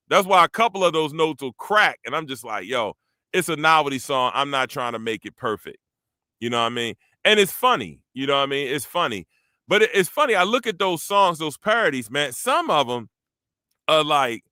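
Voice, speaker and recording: A man hosting a casual chat, animated, breaking into sung demonstrations of vocal ranges. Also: a little high, no room sound, studio quality. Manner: animated, breaks into singing demos. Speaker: podcast host and parody songwriter.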